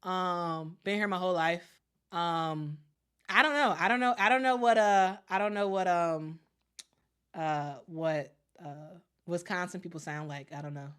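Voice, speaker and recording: A woman's voice: lowish voice, a little slow, a bit bright, clear, resonant tone. A woman, chatting through a live basketball commentary stream, reading viewer comments and repeating herself as she talks. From Chicago. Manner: repeats herself, reads chat aloud, laughs often.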